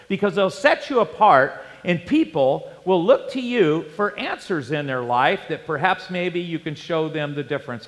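A man's voice: on the high side, long reverb tail. A man preaching a sermon, telling a personal story in a conversational way and acting out the dialogue. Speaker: pastor.

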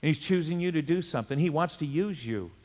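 A man preaching in a church, his fairly high voice swinging up and down as he breaks into sudden loud bursts. A long reverb from the church hall trails after his words. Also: animated, fast talker. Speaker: pastor. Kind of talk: sermon.

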